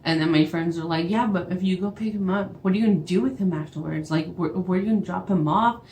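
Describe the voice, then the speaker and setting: A young woman with a Navajo accent tells a storytime vlog, acting out both sides of phone calls as she retells them. Her voice is lowish and darkish in tone, her pace quick, in an echoey room with faint background noise.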